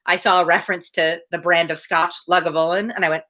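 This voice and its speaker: A woman's voice: fairly low pitch, fairly even intonation, fast talker, sharp tone. A woman reading a short story aloud to listeners, breaking off for casual, chatty asides. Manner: chatty, laughing asides between passages. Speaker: reader.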